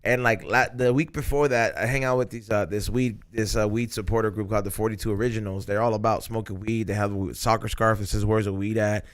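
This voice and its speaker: A man hosting a casual podcast, telling stories in an animated, slangy way, full of swearing. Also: fairly low pitch, fast, hardly any pauses. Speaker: podcast host. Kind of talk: casual chat.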